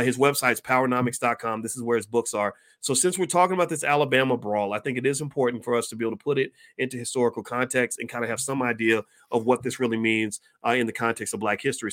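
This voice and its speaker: A man reading passages from a book aloud and breaking off into animated commentary, sometimes stumbling over words. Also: medium pitch, fast talker, few pauses. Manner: reads passages then breaks off into animated asides.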